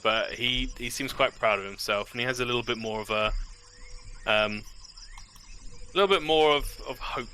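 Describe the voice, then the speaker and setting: Male game master, very bright timbre, laid-back narration. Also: medium pitch, normal speed, long pauses, a little hiss or hum.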